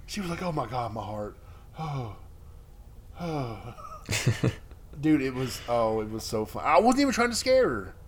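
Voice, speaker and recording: Man co-host, casual chat, lively up-and-down pitch, rambles and laughs a lot, faint hiss behind. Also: unhurried, pauses often. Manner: rambling, laughs often, trails off mid-sentence. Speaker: podcast co-host.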